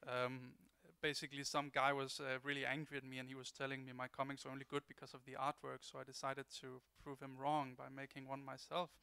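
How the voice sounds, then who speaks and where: A man's voice: mid-range voice, monotone, brisk, creaky, hardly any pauses, bright, forceful tone, smooth. A man giving a self-mocking, jokey talk on a convention panel.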